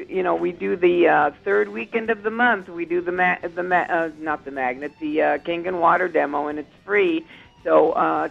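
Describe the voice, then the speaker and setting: A woman's voice: lowish voice, creaky, highs cut off. A woman co-hosting a radio show, chatting casually and rambling with many fillers and restarts. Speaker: radio co-host.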